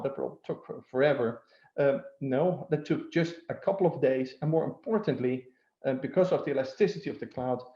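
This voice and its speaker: A man's voice: medium pitch, dark tone, echoey room, dull audio. A man giving a webinar presentation, speaking steadily with many "uh" and "um" fillers.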